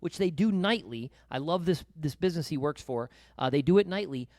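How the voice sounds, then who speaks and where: Middle-aged guy hosting a money podcast, kinda high voice, dry studio sound, chatty and tells stories. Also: lively intonation, fairly quick, darkish tone, no echo. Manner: conversational, anecdotal, interjecting to summarize. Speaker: podcast host. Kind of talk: casual financial podcast chat.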